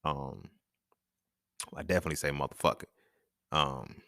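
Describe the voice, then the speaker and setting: A man's voice: a bass voice, huge pitch swings, unhurried, long pauses, fairly bright tone, dry recording, clean studio sound. A man hosting his own talk show, delivering a casual, profane monologue full of slang and laughter. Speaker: podcast host.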